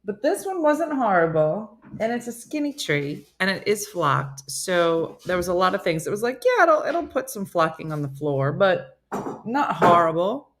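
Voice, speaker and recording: Chatty woman host with a lively voice. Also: fairly low pitch, normal speed. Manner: chatty, reads viewer comments aloud and answers them. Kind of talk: casual live-stream chat.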